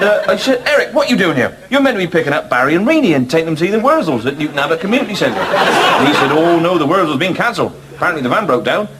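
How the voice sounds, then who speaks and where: A man's voice: on the high side, very noisy. A man voicing a plodding middle-aged male eyewitness who rambles through every trivial detail in an earnest, over-detailed way. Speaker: stand-up comedian doing a character. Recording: live club set with loud audience.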